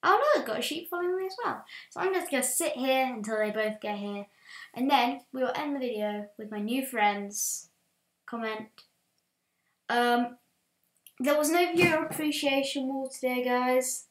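A woman hosting a let's play with gameplay commentary, excitable and swinging from quiet muttering to loud shouts. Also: high voice, moderate pace. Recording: roomy echo.

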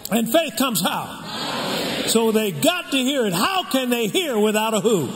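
High-pitched older preacher in an echoey hall. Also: male voice, very animated, unhurried. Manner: call-and-response preaching, asks the congregation to finish lines. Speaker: pastor. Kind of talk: sermon. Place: church sanctuary. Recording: echoey hall with background noise.

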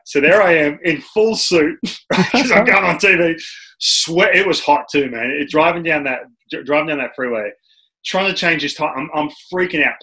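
A man with an Australian accent hosting a casual interview and telling stories animatedly, often restarting his sentences. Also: fairly high pitch. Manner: animated storyteller, many restarts. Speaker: podcast host and former pitcher.

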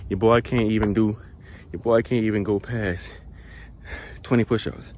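A young man talks to his followers between sets in a parking lot, his voice pitched a little low and winded from the effort. His talk is loose and slangy and wanders as he pokes fun at himself, with a faint hum of the outdoors behind him. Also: steady tone, moderate pace, a little mellow. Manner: slangy, rambling, laughs at himself. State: out of breath. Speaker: truck driver vlogger. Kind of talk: casual workout vlog chat.

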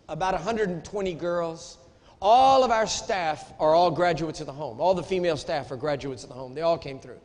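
High-voiced American preacher in an echoey hall. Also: male voice, a little mellow. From United States. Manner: emphatic storytelling, voice rising in outrage. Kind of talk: sermon.

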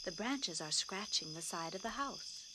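A woman voicing a calm, easygoing busy man in a bedtime storybook, in a plain, unhurried way. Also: lowish voice, very noisy, lightly acted. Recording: crickets chirping behind.

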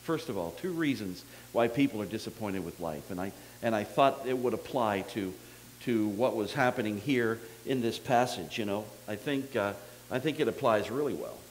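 A man's voice: lowish voice, a little hiss or hum, rough recording. A man preaching a sermon as pastor, in a conversational, folksy manner with self-deprecating humor, acting out the dialogue of the story.

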